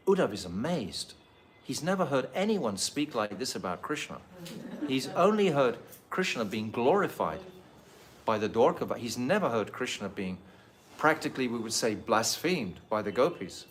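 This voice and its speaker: Male spiritual teacher, mid-pitched, unhurried scripture class with fillers and asides to listeners, faint background noise. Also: fairly bright tone. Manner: explanatory, pauses with fillers, asks listeners questions. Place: holy site, live talk to a group.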